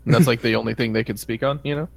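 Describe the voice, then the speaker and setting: A man's voice: medium pitch, steady tone, very fast, creaky, no echo. An American man co-hosting a podcast, blunt and profane, teasing others in casual chat. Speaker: podcast co-host.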